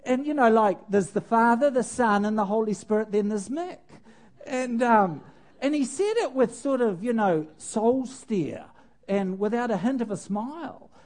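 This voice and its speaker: An older man, a preacher, telling a personal story in a sermon with animated, self-mocking humor and laughing at himself. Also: very high voice, normal speed.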